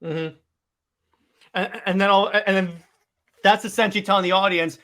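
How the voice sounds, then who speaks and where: A man co-hosting a podcast in casual chat, talking excitedly with many stammered restarts. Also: sits high, moderate pace, long pauses. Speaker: podcast co-host.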